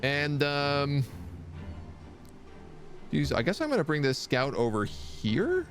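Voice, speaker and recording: A man's voice: a little high, huge pitch swings, takes it slowly, faint music behind. A man streaming a strategy game live, chatting casually and reading viewer messages aloud. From Canada. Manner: chatty, reads chat aloud and answers. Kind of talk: live gameplay commentary.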